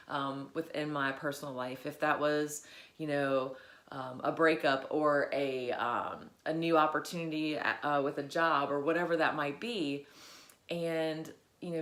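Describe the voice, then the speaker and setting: A woman with a low voice shares a personal reflection on her faith, pausing often and filling gaps with soft hesitations. The room around her is echoey, so her voice rings a little off the walls. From Virginia, USA. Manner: halting, many fillers, grows emotional. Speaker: vlogger.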